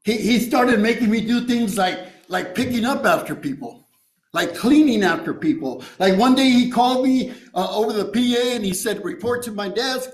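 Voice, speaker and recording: A man's voice: very high voice, lively intonation, normal speed, echoey room, low-quality recording. A man sharing his recovery story at a meeting, streetwise and profane, tossing in "you know" and "right?". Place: meeting room.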